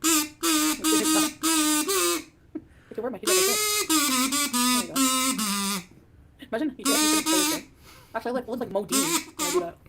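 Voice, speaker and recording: A woman's voice: high voice, very animated, quick pace, pauses often, over a noisy crowd. A woman chatting casually on a live stream, reading her chat aloud and giggling often.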